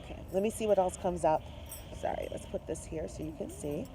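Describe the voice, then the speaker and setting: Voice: mid-range voice, a little fast, noisy background. A tarot reader chatting to viewers while reading the cards, effusive and direct, mixing spiritual talk with slang and swearing. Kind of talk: casual tarot reading to camera.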